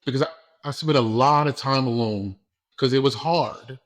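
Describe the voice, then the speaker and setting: An earnest man speaks at an ordinary middle pitch. He talks casually as a guest on a podcast, repeating words as he searches for them. His feelings come through openly as he talks. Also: moderate pace. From New York. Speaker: school principal, guest. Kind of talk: casual interview talk.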